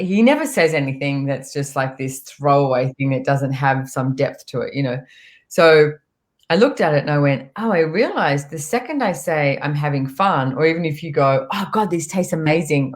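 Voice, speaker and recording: Woman, low voice, casual storytelling, relaxed guest chat. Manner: relaxed, storytelling, acts out her body's voice. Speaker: guest facilitator.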